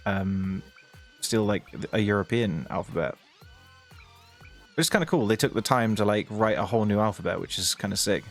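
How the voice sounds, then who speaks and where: Young british guy rambling on stream, lowish voice, laughs a lot, bit of music behind. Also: expressive, brisk. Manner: rambling, chatty, laughs often. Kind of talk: casual live-stream chat to viewers.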